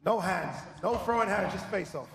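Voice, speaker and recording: A man's voice: sits high, animated, normal speed, vocal fry, heavy background noise. A man hosting a press conference, moderating and asking short questions. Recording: reverberant hall with crowd.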